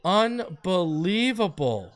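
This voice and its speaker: A man hosts a live draft reaction stream with a high, smooth, clear voice. He talks excitedly and repeats his cheers, hyping every pick as it comes in. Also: takes it slowly, faint music behind. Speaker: host of a sports fan channel.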